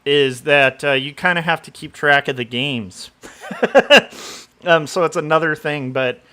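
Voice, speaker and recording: A man's voice: a little high, a little slow, bright, forceful tone, clear, resonant tone. A middle-aged man from Southern California chatting casually on a livestream, rambling with lots of fillers and laughing at himself. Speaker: comic artist streamer.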